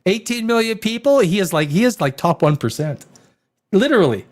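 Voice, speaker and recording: A man hosting a rowdy live stream, loud and rambling, swearing and reading chat comments aloud, a little tipsy from wine. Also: high voice, fairly quick. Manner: animated, swings between shouting and muttering. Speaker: live show host.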